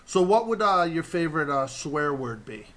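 Bright-voiced joking podcast host man. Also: a little high, sing-song, normal speed. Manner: joking, crude, steers the chat. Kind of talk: casual comedy chat.

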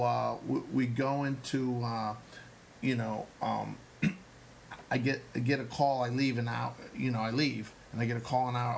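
A man's voice: medium pitch, gravelly, a little hiss or hum, poor audio. A man, an actor and comedian, telling a long story in casual chat, acting out the quotes and swearing freely.

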